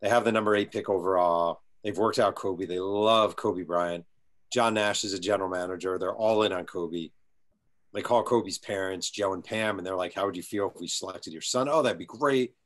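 A man's voice: sits low, normal speed, fairly bright tone. A man being interviewed as an author, telling a long anecdote with energy and acting out the people in it. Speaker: guest author. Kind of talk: storytelling interview answer.

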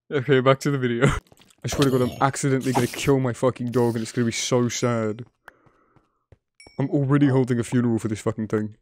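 Excitable, sweary young man gaming. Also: medium pitch, no echo. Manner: excitable, swears a lot, talks to his animals. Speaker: gaming video creator. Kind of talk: casual gameplay commentary. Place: home editing room.

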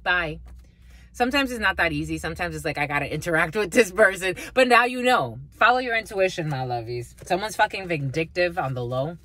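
A woman's voice: on the low side, a bit bright. A woman gives a spiritual reading to her viewers in a blunt, rambling way, swearing freely and calling them "my lovies.". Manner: rambling, with frequent restarts. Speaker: spiritual reader. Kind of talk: off-the-cuff psychic reading to viewers.

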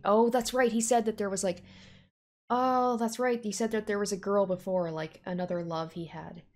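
A woman giving chatty, excitable commentary while playing through a story game, speaking casually with lots of "like"s. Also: fairly low pitch, normal speed. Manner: chatty and excitable, full of likes. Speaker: let's play host.

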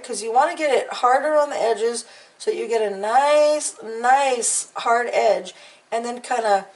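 A woman with a slightly high voice hosts a casual coloring tutorial in real time, chatty and encouraging, trailing off and repeating words as she works. The audio is poor, with a distant mic and a bit of hiss or hum.

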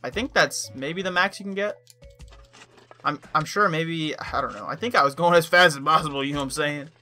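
Young man, let's play commentary, fairly high voice, bright and forceful, playful trash talk, faint game music. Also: brisk. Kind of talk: gameplay commentary.

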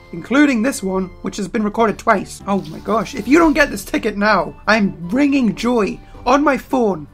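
A man giving casual game commentary while playing, excitable and prone to loud outbursts, his throat getting strained. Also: high voice. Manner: excitable, bursts into loud yelling. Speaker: let's play gamer.

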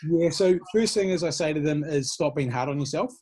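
A man's voice: fairly high pitch, lively intonation, brisk, darkish tone, husky. A man, a personal trainer from New Zealand, giving easygoing, encouraging answers in an interview. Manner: encouraging, easygoing, many fillers.

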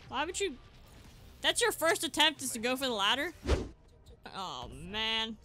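A woman hosting a gaming channel, giving casual, excitable commentary over gameplay and mocking her opponents. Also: fairly high pitch, unhurried, background noise. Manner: excitable, trash-talking opponents.

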